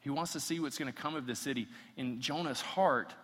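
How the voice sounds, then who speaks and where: A man's voice: medium pitch, a little fast, a bit bright, in a large hall. A man preaching a sermon, reading scripture aloud and acting out the quotes as his intensity builds. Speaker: pastor.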